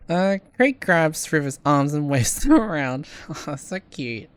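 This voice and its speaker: Low-voiced woman streaming a game. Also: big pitch swings, measured pace, few pauses, clear, resonant tone. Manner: reads dialogue aloud, laughs often. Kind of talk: live game playthrough.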